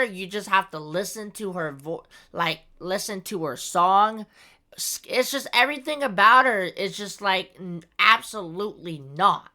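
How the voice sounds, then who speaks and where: A woman with a medium-pitched, sharp-toned voice hosts a podcast in casual conversation. She rambles, giggles a lot, and fills her speech with plenty of fillers.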